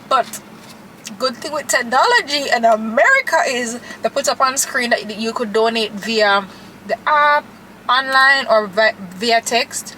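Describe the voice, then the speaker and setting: A woman's voice: fairly high pitch, lively intonation, moderate pace, bright, forceful tone, slight background noise, rough recording. A young woman, chatting and gushing to camera as a vlogger from her car. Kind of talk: casual chat to camera.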